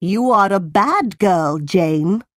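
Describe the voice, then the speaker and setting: A woman's voice: medium pitch, animated, takes it slowly, no echo, clean studio sound. A woman voicing a cold, harsh aunt who scolds a young girl.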